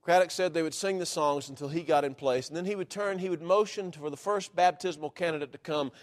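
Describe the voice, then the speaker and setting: Male preacher, high voice, folksy deliberate sermon storytelling.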